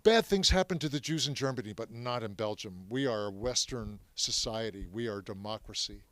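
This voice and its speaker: Brief: man putting on a brushing-off café crowd, low and sure of itself. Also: brisk, fairly bright tone, no room sound, lightly acted. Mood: scoffing. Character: dismissive café regulars, adult men.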